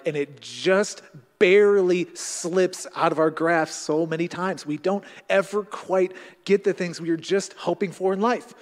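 A male pastor giving a conversational, storytelling sermon to a congregation. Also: sits high. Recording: long hall reverb.

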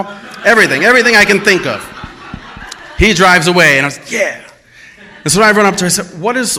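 A man's voice: a little high, sharp tone. A man telling a personal story and acting out the quoted lines, laughing at himself as he goes.

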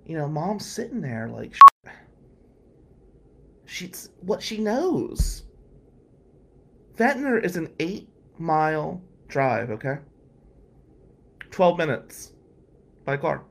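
A man's voice: a little high, very animated, takes it slowly, vocal fry, long pauses. Candid man telling a personal story. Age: adult, past law school. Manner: candid, emotional, with sighs and bleeped curses. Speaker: storyteller recounting his past.

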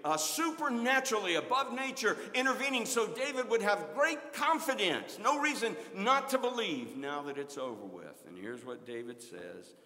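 A middle-aged man preaching a sermon, swinging between loud exclaiming and quiet storytelling. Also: sits high, expressive, normal speed, few pauses, big-room sound.

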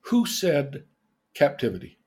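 A fairly high-pitched man takes it slowly, his a little mellow, husky voice making huge pitch swings. The therapist and teacher tells theatrical stories to teach emotional independence, exclaiming and then questioning his listener in an animated lesson.

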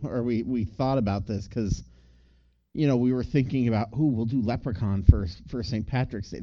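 A man's voice: medium pitch, dark tone, muffled recording. A man co-hosting a casual podcast, chatting in a loose, rambling way with laughs and restarts. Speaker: podcast co-host.

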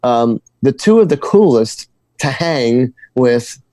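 Halting, chatty New man. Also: mid-range voice, expressive, mellow, dry recording. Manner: halting, repeats words, laughs while telling stories. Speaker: guitar teacher and musician. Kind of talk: casual interview storytelling.

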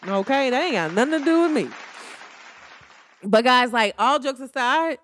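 A young woman, talking to listeners on her podcast in a casual, sassy, animated way. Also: normal speed, some chatter behind. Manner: animated, sassy, jumps into high exclamations. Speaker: podcast host. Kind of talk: casual solo podcast talk.

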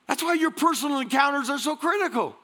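A man preaching a sermon as pastor, energetic, calling out to the congregation and joking between points. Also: very high-pitched, fast talker. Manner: energetic preaching with crowd call-and-response; joking asides, repeats words.

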